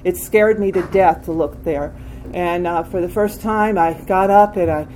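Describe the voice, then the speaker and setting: An older woman sharing a candid personal recovery testimony, with frequent restarts and pauses. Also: lowish voice, darkish tone, slight background noise, poor audio. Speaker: speaker sharing a recovery story.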